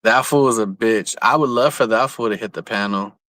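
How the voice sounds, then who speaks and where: A young man from San Jose, California, rants on a casual livestream in a lowish voice. He is blunt and profane and keeps repeating his points. The sound is dry and close, with almost no room echo. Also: a little fast, fairly bright tone. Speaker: livestream host. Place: outdoors.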